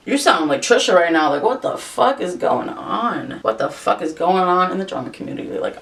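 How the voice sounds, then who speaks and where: Doing her makeup for a vlog, a young woman vents her frustration with lots of profanity. Her low, gravelly voice is a bit bright. She sits a little back from the camera, far from the mic, and a faint rumble runs underneath.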